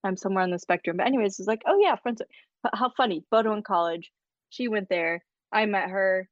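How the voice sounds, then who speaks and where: A woman with a Midwestern American accent chats as a podcast guest, mid-pitched and full of giggles and quick tangents. Her line sounds a little dull, recorded dry. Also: no echo. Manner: chatty, giggly, quick asides. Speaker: guest scientist. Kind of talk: casual chat.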